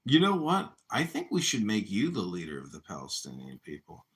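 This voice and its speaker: A man trading mocking jabs in casual live stream banter, needling and teasing, swinging between loud jabs and quick muttered asides. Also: lowish voice, wildly swooping pitch. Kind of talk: casual trash-talk banter.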